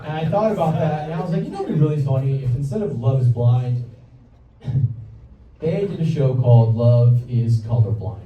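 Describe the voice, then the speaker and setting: Awkward young comedian in a roomy club. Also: male voice, mid-range voice, moderate pace, far from the mic, slight background noise. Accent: American Southern. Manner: awkward, self-deprecating, deadpan delivery. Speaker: stand-up comedian. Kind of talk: stand-up comedy set. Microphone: handheld stage mic. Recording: roomy club recording from the audience, dull sound. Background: audience laughter.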